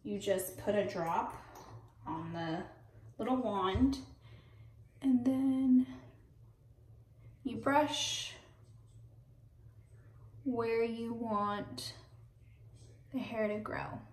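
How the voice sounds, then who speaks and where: A young adult woman from Texas, casually walking through her nighttime skin and hair routine and filling her pauses with ums. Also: a little high. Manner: chatty with frequent ums, self-correcting. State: pregnant. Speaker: vlogger. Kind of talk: casual product walkthrough. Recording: roomy, mic at a distance.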